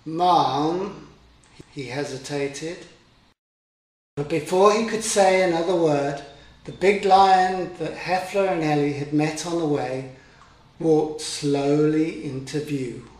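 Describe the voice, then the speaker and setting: A man telling his own children's story in a gentle, unhurried manner. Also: fairly high pitch. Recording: echoey room.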